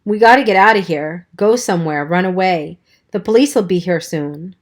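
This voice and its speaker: A woman's voice: fairly low pitch, moderate pace, close to an everyday voice. A woman doing a nervous, urgent teenage boy.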